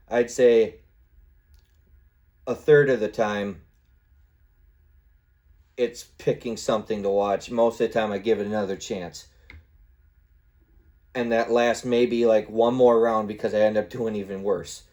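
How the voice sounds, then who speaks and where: Young guy rambling on his podcast, kinda low, mellow voice, swears a lot. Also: fairly even intonation, unhurried, pauses often. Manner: rambling, swears freely, acts out his own gaming trash talk. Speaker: podcast host. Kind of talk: casual solo podcast chat.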